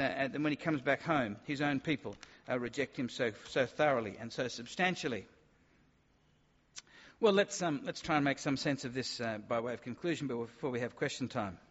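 A man's voice: fairly high pitch, husky. A man preaching a sermon, emphatic, sometimes acting out the voices of doubters. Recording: dull sound with long hall reverb.

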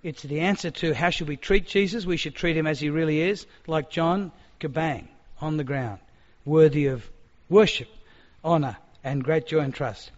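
A man preaching a sermon, animated and acting out quoted speech, in a church hall. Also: a little high, moderate pace. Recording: long-reverb hall, dull sound.

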